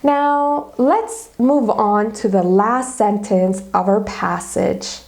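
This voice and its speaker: A woman's voice: mid-range voice, slow pace, darkish tone. A woman teacher giving a grammar lesson video, explaining methodically step by step with examples.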